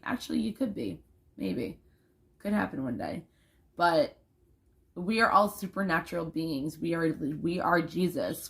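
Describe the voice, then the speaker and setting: A woman's voice: on the low side, vocal fry, a bit bright. A young woman talking casually to camera in a rambling, emphatic vlog, swearing freely.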